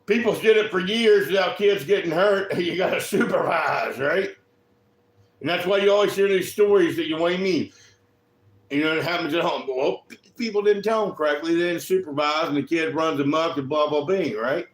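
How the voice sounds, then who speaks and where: A man's voice: a little high, normal speed. A man with a slightly raised voice rambles casually and swears freely. He keeps tossing in "right?" as he talks. His voice bounces around an echoey room. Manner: profane, keeps asking "right?". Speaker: vlogger.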